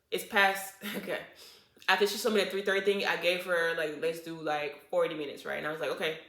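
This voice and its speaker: Bright-voiced woman ranting a storytime. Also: lowish voice. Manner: animated and indignant, full of "like" and restarts. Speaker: vlogger telling a story. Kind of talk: storytime vlog, casual retelling. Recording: echoey room.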